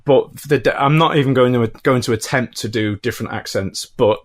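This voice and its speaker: A man's voice: mid-range voice, normal speed. A man, a guest in a casual interview, modest and easygoing. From northern England. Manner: modest, easygoing, laughs lightly. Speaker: guest, martial arts instructor.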